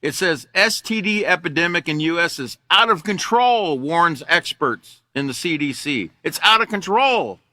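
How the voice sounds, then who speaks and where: A man's voice: a little high, animated, normal speed, few pauses, pushed and bright, no room sound. An older man teaching a class, reading news articles aloud and mocking them with sarcasm, repeating himself as he goes.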